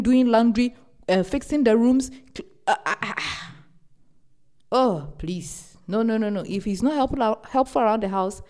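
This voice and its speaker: A young woman hosting a podcast, giving casual relationship advice in an animated, emphatic way and repeating words for stress. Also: high-pitched. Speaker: podcast host.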